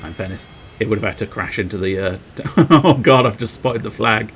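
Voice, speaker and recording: A man's voice: fairly low pitch, a little fast, a bit bright, a little hiss or hum. A man streaming a video game, chatting playfully and joking to himself as he plays. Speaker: gaming streamer. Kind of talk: casual live gameplay commentary.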